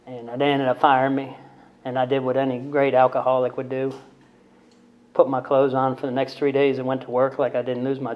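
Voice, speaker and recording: A man telling his recovery story to a group in a blunt, conversational way, often tagging lines with "right?" and "man", with self-deprecating humor. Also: medium pitch. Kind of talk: candid storytelling talk to a group. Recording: dull lo-fi recording.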